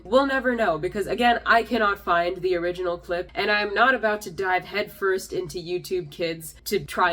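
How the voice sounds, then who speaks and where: A woman's voice: lowish voice, a bit bright. A woman hosting a comedic commentary video with a wry, sarcastic delivery. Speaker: host.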